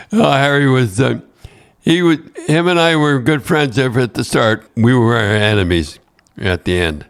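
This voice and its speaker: Older man telling rambling stories. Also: mid-range voice. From Canada. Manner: rambling, halting storyteller who laughs often and repeats words. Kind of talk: casual podcast chat.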